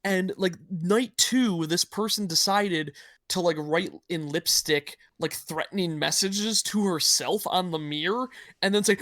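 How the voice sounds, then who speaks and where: A man co-hosting a podcast, telling a story in a quick, rambling casual chat. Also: sits high, a bit bright, no room sound, clean studio sound. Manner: quick, rambling with many "like" fillers. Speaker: podcast co-host.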